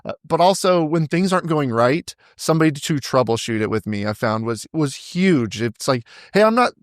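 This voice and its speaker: A man hosts a podcast and reflects out loud, often poking fun at himself. His middle-pitched voice sounds dry and close, with little room echo. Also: moderate pace. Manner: reflective and self-deprecating, thinking aloud. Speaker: podcast host, coach. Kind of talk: podcast interview conversation.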